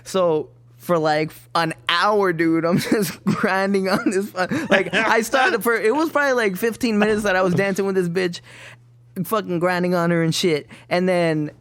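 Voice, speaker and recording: A man telling a story in a casual podcast chat, swearing a lot and getting excited as he goes. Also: sits high, normal speed.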